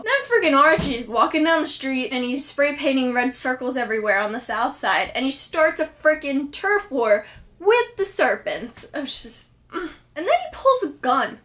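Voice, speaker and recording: High-voiced chatty woman vlogger. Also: normal speed. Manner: chatty, excitable, lots of "like" and "friggin'". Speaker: TV episode reviewer. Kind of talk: casual vlog recap.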